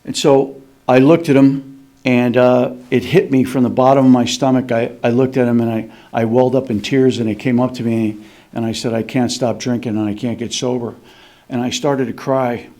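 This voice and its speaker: A man's voice: mid-range voice, fairly even intonation, moderate pace, mellow. A middle-aged man sharing his personal recovery story at a meeting, in a candid, confessional way. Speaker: AA meeting speaker.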